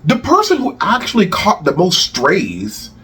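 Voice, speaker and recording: A man's voice: high-pitched, wildly swooping pitch, measured pace, a bit bright, husky. A man hosting a rant channel, delivering heated celebrity commentary with profanity and repeated phrases.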